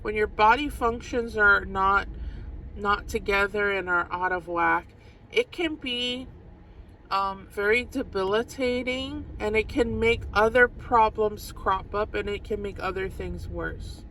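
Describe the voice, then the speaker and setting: A woman's voice: mid-range voice, measured pace, pushed and bright, a little hiss or hum, low-quality recording. A woman giving a casual tarot reading to her viewers, chatty and giggly, repeating phrases for emphasis. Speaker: tarot reader.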